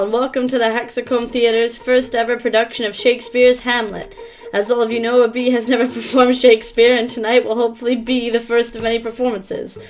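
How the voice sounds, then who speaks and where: A woman voicing an eager bee theatre announcer in a video game, giving a formal, bright welcome. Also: a little high, pitched above the performer's own voice, lightly acted.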